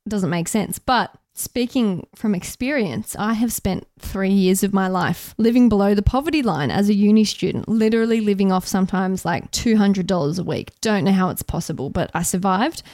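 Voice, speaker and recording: A woman's voice: medium pitch, moderate pace, few pauses, darkish tone, no room sound, clean studio sound. A young Australian woman co-hosting a podcast, chatting in a bubbly, casual way and laughing easily. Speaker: podcast co-host, radio journalist.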